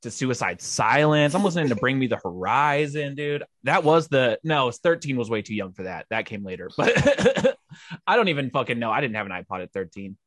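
A man's voice: medium pitch, brisk, no echo, studio quality. A young man telling stories in casual chat, swearing freely and laughing often. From Boise, Idaho area. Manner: swears a lot, laughs often, animated storytelling.

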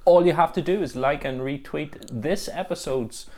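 A man's voice: a little high, normal speed, darkish tone, slight background noise. A man co-hosting a podcast, joking and chiming in playfully. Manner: playful, jokey interjections. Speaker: podcast co-host. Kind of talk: casual podcast chat.

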